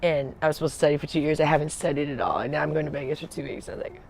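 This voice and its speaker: A woman's voice: low-pitched, steady tone, racing, creaky, darkish tone, a little hiss or hum. A woman telling casual stories from her service days on a livestream, rambling and digressive, losing her thread and laughing often. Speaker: Air Force veteran telling stories on a livestream. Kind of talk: casual storytelling.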